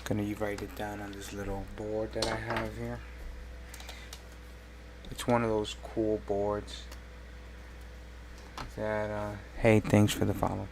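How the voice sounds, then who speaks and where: Low-voiced man thinking aloud on stream. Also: flat delivery, takes it slowly, vocal fry, long pauses, background noise. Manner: thinks aloud, rambling, self-correcting. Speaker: live streamer. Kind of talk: casual live-stream commentary while designing.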